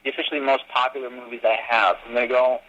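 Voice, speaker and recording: A man being interviewed about his fan films, telling animated stories and acting out quotes. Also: medium pitch, very fast, lo-fi sound. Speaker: fan filmmaker guest. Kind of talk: casual podcast interview.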